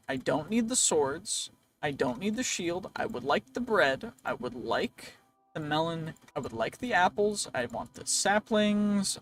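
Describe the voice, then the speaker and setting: Chatty high-voiced gaming host. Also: male voice. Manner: chatty, playful, thinks out loud. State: voice wearing out. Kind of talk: casual gameplay commentary.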